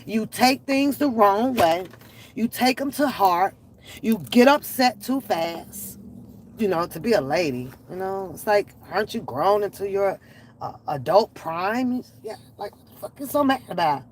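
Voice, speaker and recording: A woman's voice: medium pitch, expressive, unhurried, low-quality recording. A woman hosting a reaction channel, ranting in blunt, profane, exasperated commentary. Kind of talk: unscripted commentary rant. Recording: faint background noise.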